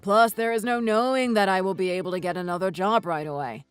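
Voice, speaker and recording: A man's voice: high voice, steady tone, brisk, smooth, soft background music, close to an everyday voice. A man voicing a defensive husband in a text-message story, speaking stiffly and scoldingly. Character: defensive husband and brother-in-law.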